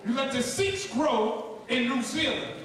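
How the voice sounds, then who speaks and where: A man preaching fervently in short lines, pausing so an interpreter can translate. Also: very high voice, animated, fairly bright tone, recorded from a distance, a little hiss or hum. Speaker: guest preacher. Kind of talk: sermon with interpreter. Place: large church hall with congregation. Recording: echoey hall, voice from off-mic, crowd behind.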